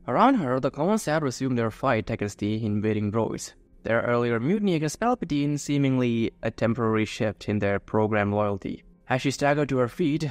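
Man narrating fan fiction over faint music. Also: medium pitch. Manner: dramatic storytelling. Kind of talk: scripted narration.

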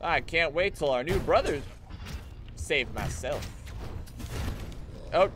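Speaking slowly but with plenty of animation, a streamer talks over music about the game he's playing. He rambles and cracks jokes, switching into goofy high-pitched voices when the clones banter.

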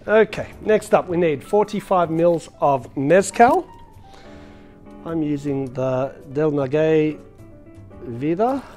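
A man bartending on his own show talks through each drink in a loose, cheerful way. His voice sits a little high, and he scatters filler words as he chats. Soft music plays faintly underneath. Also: slow. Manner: chatty, upbeat, with frequent filler words. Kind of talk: casual cocktail demonstration.

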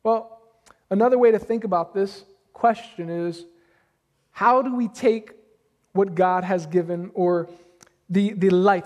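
High-pitched guy preaching, fired up, long echoey church hall sound. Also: measured pace, pauses often. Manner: animated preaching, rhetorical questions to the congregation. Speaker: pastor. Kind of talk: sermon. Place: church sanctuary.

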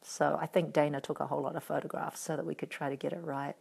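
Low gravelly woman, wry and chatty. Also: little pitch movement, fast talker, a little mellow. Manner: chatty, wry and playfully teasing. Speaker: actress answering fan questions. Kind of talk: casual live video Q&A reading out comments.

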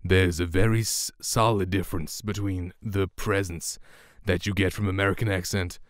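A man around twenty, a streamer and voice actor, reviewing a microphone in a relaxed, rambling, soft-spoken way, close to a studio condenser mic. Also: low-pitched, moderate pace, dry recording. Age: 20s.

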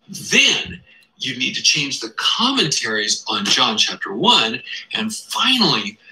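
A man's voice: mid-range voice, creaky, sharp tone, echoey room, low-quality recording. A man giving scripted video narration, explaining step by step with rhetorical questions.

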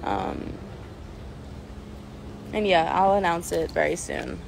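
A woman's voice: lowish voice, huge pitch swings, slow pace, creaky, slight background noise, poor audio. A woman singer chatting casually with fans on a phone live stream from home, rambling with lots of "like" fillers and giggles.

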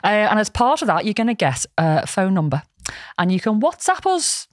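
A woman with a Scouse accent hosts a podcast, chatting casually and telling stories with frequent laughs. Her medium-pitched voice is sing-song at a moderate pace, recorded in clean studio sound without echo.

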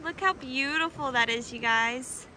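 Very high-voiced gushing woman vlogger. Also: unhurried, background noise. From United States. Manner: gushing, talks to viewers as "you guys". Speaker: vlogger and rockhound. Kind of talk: casual vlog talk to viewers. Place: rocky ocean beach outdoors.

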